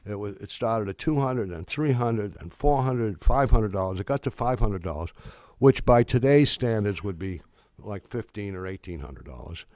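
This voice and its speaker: An older man giving a talk to an audience, telling a story in a halting, wry way with many restarts. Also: on the low side, animated, darkish tone, no echo.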